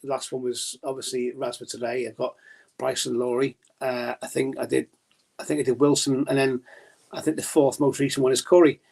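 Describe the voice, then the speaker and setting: Gravelly chatty man telling stories. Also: medium pitch, level tone, fairly quick, a little mellow. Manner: chatty storyteller, swears, laughs often. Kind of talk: casual chat.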